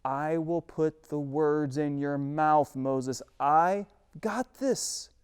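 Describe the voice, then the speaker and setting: A man doing a calm, slow-spoken God. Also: a little high, smooth. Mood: reassuring. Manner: slow, soft, reassuring. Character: calm patient God, deep-voiced and unhurried. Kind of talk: sermon retelling with character voices.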